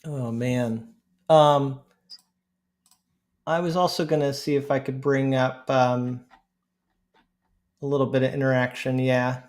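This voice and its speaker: A man's voice: mid-range voice, fairly even intonation, takes it slowly, long pauses, a little mellow. Chatty laughing man hosting a podcast. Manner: chatty, laughs easily, reads posts aloud. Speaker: podcast host. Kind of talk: casual panel discussion.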